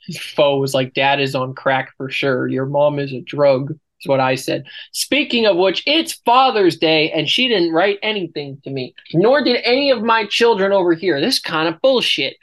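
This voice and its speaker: A man's voice: on the high side, animated, unhurried, fairly bright tone. Playful rambling man hosting a podcast. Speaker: podcast host. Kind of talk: casual chat.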